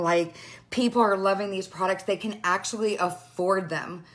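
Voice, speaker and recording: A woman's voice: mid-range voice, steady tone, moderate pace. A woman in her thirties, tearful and overwhelmed, talking in a gushing, rambling way on a live phone video to her followers. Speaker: direct sales team leader.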